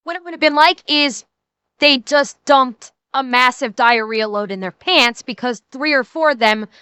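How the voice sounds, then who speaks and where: A woman co-hosting with a high, bright voice and crude jokes, tripping over her words when excited. Her sound is dry and close. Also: smooth, no room sound. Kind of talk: casual reaction commentary.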